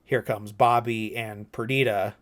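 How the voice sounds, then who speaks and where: Male podcast co-host, lowish voice, loose rambling recap, curses casually. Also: fairly even intonation, measured pace. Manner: rambling, loose, swears freely, heavy "like" and "you know".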